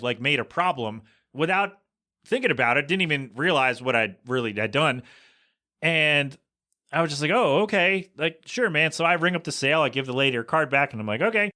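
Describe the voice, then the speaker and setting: A male podcast host talks in a loose, rambling monologue, his voice sitting a little high. His tone is bright and forward, and he jumps into quick acted-out lines of dialogue as he tells his story. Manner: animated storytelling, acts out quoted voices.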